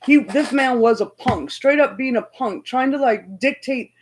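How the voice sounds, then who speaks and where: A woman hosting a livestream, loudly and heatedly retelling an argument in casual talk. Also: sits high, unhurried, poor audio. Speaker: livestream host.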